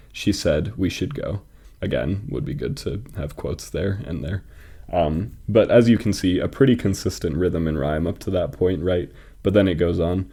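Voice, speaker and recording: A man casually critiquing submitted poems, thinking aloud with fillers and restarts and reading verse lines slowly to test their stresses. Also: low-pitched, warm tone. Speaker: host reviewing fan poetry submissions.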